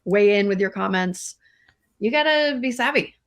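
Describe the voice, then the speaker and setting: An earnest woman co-hosting a casual discussion show, with a voice of middling pitch. She talks in an emphatic way and repeats words to drive her points home. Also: lively intonation, normal speed. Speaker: podcast co-host.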